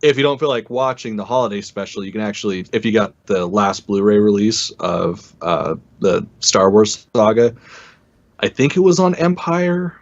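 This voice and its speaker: A man's voice: fairly low pitch, moderate pace, highs cut off. A man co-hosting a casual fan podcast, enthusiastic and profane. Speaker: podcast co-host.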